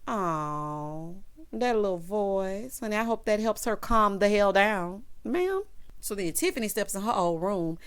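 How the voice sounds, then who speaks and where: A woman recapping a TV episode in a casual chat, animated and sassy, talking straight to her viewers with chatty asides. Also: mid-range voice, a little slow, clean tone. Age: adult with a child. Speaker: TV recap reviewer.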